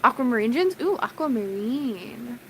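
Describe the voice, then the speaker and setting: A woman's voice: fairly high pitch, expressive, moderate pace, fairly bright tone, a little hiss or hum, rough recording. A woman streamer chatting casually with her viewers, giggling often and greeting people in the chat by name. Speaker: live streamer.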